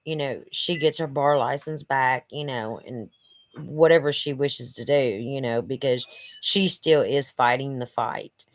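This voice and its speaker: A woman's voice: extremely low pitch, unhurried, no room sound. A woman talking casually to her viewers from her living room, earnest and rambling with lots of fillers, a bit stuffy from allergies. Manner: rambling, many "you know" fillers, earnest. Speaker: channel host. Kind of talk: casual direct-to-camera vlog.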